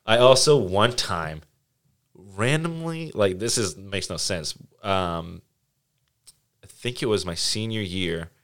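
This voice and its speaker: A man's voice: lowish voice, slow pace. A young man hosting a podcast, telling stories animatedly and swearing freely in casual chat. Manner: animated storyteller, swears freely, acts out quotes. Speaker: podcast host.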